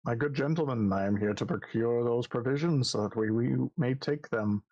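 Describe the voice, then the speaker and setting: A man's voice: medium pitch, moderate pace, a little mellow, muffled recording, close to an everyday voice. A man playing a courtly, formal-spoken adventurer in a tabletop game. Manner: formal, stately.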